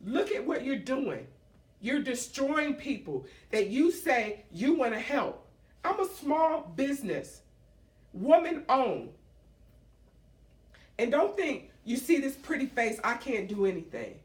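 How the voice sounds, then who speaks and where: A woman's voice: high-pitched, sing-song, slow pace. Middle-aged woman giving a fired-up emotional speech, repeats herself for punch, sounds far off in a big echoey room. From United States. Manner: emotional, emphatic, repeats phrases for force. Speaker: small business owner. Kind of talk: impassioned public speech. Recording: roomy echo, speaker far from the mic.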